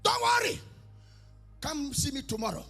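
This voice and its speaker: A man delivering a fiery prophetic sermon in church, with shouted, repeated commands and call-and-response with the congregation. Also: very high voice, sing-song, normal speed, soft background music. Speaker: guest preacher.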